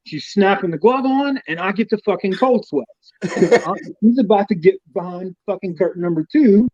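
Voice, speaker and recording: A man's voice: sits high, animated, moderate pace, a little mellow. A man telling a comic story as a guest, swearing freely and playful. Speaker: guest knight. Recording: dull lo-fi dry sound.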